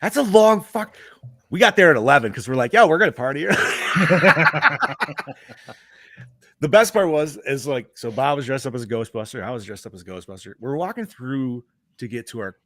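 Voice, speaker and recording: A man's voice: medium pitch, expressive, fairly quick, fairly bright tone, no echo. A man co-hosting a podcast, chatting casually, swearing freely and laughing often. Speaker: podcast co-host. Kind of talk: casual chat.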